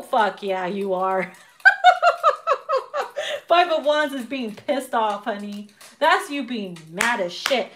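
A woman giving a casual tarot reading, brash and profane, laughing often and acting out people's reactions, with her voice getting worn. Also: medium pitch. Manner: animated, acts out quoted reactions. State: losing her voice. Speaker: tarot reader.

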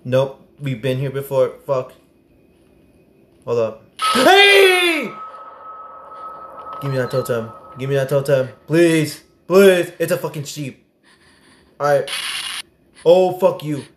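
A young man commentating a horror game as he plays, excitable and prone to sudden yelps and swearing. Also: medium pitch, unhurried, long pauses, roomy sound, a little hiss or hum. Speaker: gaming streamer. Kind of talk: gameplay commentary.

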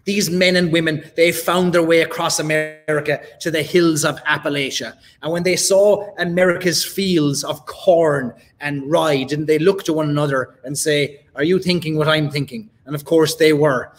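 A man's voice: on the high side, fairly even intonation, normal speed, hardly any pauses. An Irish man delivering a rousing, theatrical prepared speech as part of a live whiskey debate. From Ireland. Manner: oratorical, rhetorical, theatrical.

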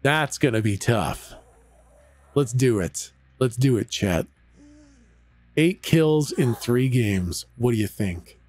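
A man's voice: medium pitch, lively intonation, takes it slowly, long pauses, darkish tone. A Canadian man casually chatting with his viewers while streaming a game, laid-back and chatty, with frequent laughs and some swearing.

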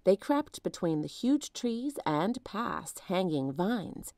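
A woman reads a children's chapter book aloud with expressive, storytelling delivery. Her tone is mellow and warm, her pitch rises and falls a lot, and the close mic keeps the sound dry. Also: takes it slowly, no echo. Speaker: storybook reader.

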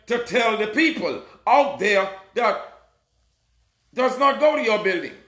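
High-voiced man preaching a fiery sermon. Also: big pitch swings, measured pace. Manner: urgent, scolding, often shouting. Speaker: self-proclaimed messiah preacher. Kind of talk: fiery street-style sermon. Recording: roomy echo.

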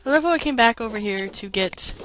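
Fast and expressive, this let's play gamer has a fairly high, slightly bright voice. She chats casually to herself and playfully scolds the enemies on screen, with faint game music in the background.

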